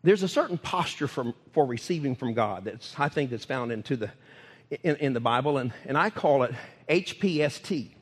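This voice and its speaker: An older man preaching a sermon in a church, speaking in animated bursts and repeating key phrases for emphasis. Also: mid-range voice, moderate pace, husky. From United States. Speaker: pastor. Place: church sanctuary. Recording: long church reverb.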